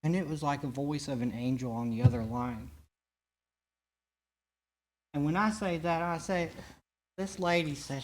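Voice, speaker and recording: At a church meeting, a man on the high side gives his personal testimony of recovery, earnest and halting, with frequent restarts. A little hiss or hum sits under the recording.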